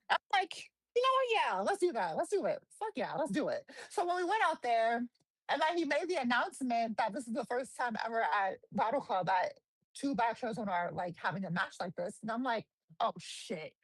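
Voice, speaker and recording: A woman, a guest wrestler, telling stories in a casual interview, animated, swearing freely and acting out quotes. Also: fairly high pitch, no room sound, rough recording. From New Jersey.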